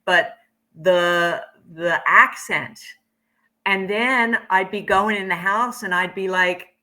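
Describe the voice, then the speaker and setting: A woman's voice: medium pitch, slow, sharp tone. A woman from Pennsylvania telling stories in a rambling, thoughtful way as a spiritual teacher in casual chat. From Pennsylvania, United States.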